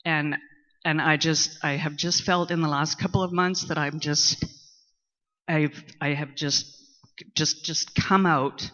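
A middle-aged woman, speaking candidly in a personal testimony at a recovery meeting, talkative and at times loud and boisterous. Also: low voice, steady tone, slow pace. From Canada. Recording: muffled lo-fi recording.

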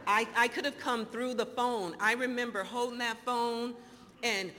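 Fifty-something lady sharing her sobriety story, bright sharp voice, big echoey hall, faint hiss. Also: a little high, normal speed. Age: 50s. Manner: animated storyteller, acts out dialogue, laughs often. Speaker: speaker sharing recovery story. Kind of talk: recovery talk to an audience. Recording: hall reverb, faint noise.

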